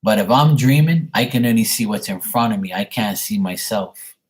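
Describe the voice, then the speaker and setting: This lowish, expressive male voice moves at a moderate pace as a young man reads tarot live on camera, recorded on a desk webcam. He wanders through the messages, leaning heavily on fillers.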